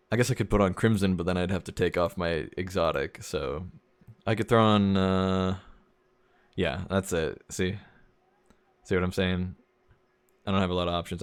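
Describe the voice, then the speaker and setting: A man's voice: sits low, smooth. A young man streaming a game, chatting casually and rambling, often chuckling at his own jokes. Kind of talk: casual gameplay commentary.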